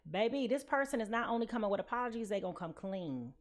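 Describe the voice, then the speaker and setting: A woman's voice: fairly high pitch, animated, fast. A sleepy woman giving a casual tarot card reading, chatty and sassy, tossing in slang and pet names. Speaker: tarot reader.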